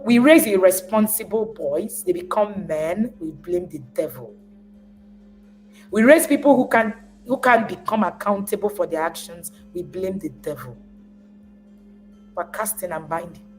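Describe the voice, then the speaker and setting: A woman coaching parents in a lively, emphatic talk, her pitch sitting in an ordinary middle range. She hammers her points by repeating phrases and briefly acts out the parents she describes. Faint music plays softly behind her. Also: low-quality recording. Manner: repeats words when stressing a point.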